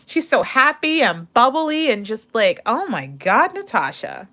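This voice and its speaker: A woman's voice: on the high side, sing-song, a little slow, bright, forceful tone. Bubbly, gushing young woman. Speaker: pageant commentator and livestream host. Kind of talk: casual livestream chat.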